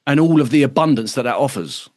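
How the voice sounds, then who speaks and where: Here a British workshop host gives a casual livestream talk to members, his mid-range, darkish voice fast with lively intonation. Emphatic and full of swearing, he peppers in tag questions like "right?" and voices other people as he speaks. Recording is dry with clean studio sound.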